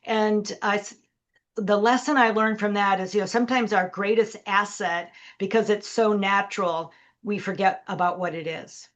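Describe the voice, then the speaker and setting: A woman's voice: mid-range voice, fairly even intonation, moderate pace. A middle-aged woman, a leadership coach, telling a story as a podcast guest and acting out the dialogue. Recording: dull lo-fi audio.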